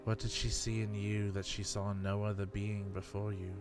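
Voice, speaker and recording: A man's voice: on the low side, level tone, normal speed, over music. A man acting as game master in a live-streamed tabletop game, asking earnest, probing questions in character.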